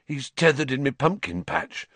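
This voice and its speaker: A man voicing a huge, gentle groundskeeper who is grieving and shaken, halting and subdued. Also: medium pitch, steady tone, no echo, pitched above the performer's own voice, natural voice. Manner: halting and subdued, stumbling over words.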